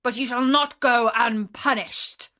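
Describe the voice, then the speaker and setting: A woman's synthetic storytelling voice reading the lines of a furious male beast from a storybook, loud and stern. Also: unhurried. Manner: booming, stern commands. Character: huge angry male beast, furious and threatening.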